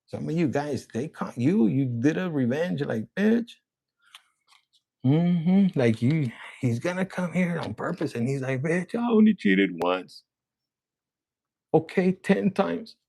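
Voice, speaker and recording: A gravelly, husky man talks through a tarot reading in a loose, rambling way. He swears constantly and gets excited as the cards come up. His voice sits a little high for a man. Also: a little slow, hardly any pauses. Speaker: tarot reader.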